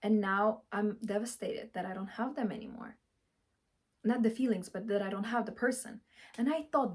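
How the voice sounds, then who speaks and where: A young woman coaching viewers through a breakup in an expressive, laughing way, acting out her own past thoughts. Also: mid-range voice, moderate pace, slightly rough. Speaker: relationship coach. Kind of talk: advice vlog talking to camera.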